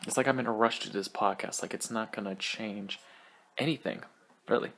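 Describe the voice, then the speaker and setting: A young man hosting a casual solo podcast, rambling and swearing, laughing often and talking fast. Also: lowish voice, a bit bright, slight background noise. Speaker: podcast host.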